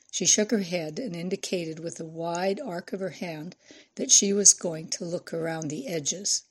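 Lady reading a novel aloud, calm and expressive, kinda low. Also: husky. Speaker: audiobook narrator. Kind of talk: scripted narration.

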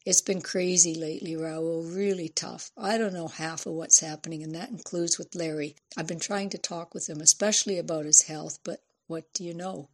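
A woman's voice: sits low, fairly even intonation, moderate pace, few pauses. A woman voicing a candid middle-aged female writer who speaks frankly and earnestly, in a storybook reading. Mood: worried.

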